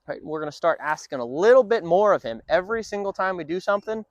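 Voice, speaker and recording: A man's voice: sits high, animated, quick pace, no room sound. A man working as a dog trainer, explaining his training session in an upbeat way between short firm commands to a dog.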